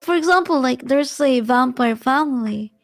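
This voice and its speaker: A woman's voice: sits high, lively intonation, moderate pace, vocal fry, no echo, studio quality. A woman guest in a casual interview, giggly and hesitant, repeating words as she searches for them.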